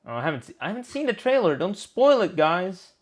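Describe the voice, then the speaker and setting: A man's voice: high voice, sing-song, fairly quick, a loud crowd. A man co-hosting a live game design stream, chatting in a rambling, playful way and searching for words aloud. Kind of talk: casual chat.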